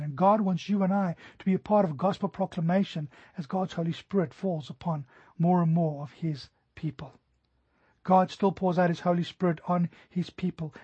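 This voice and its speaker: A middle-aged man preaching a sermon earnestly, slowing down to stress scripture. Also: sits high, warm tone, husky, no echo. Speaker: pastor. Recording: dry, dull lo-fi recording.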